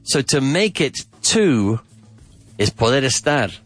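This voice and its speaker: A man's voice: medium pitch, very animated, slow, faint music behind. A man hosting a podcast grammar lesson, repeating phrases, drilling questions and dropping in Spanish asides with enthusiasm. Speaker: English teacher and podcast host.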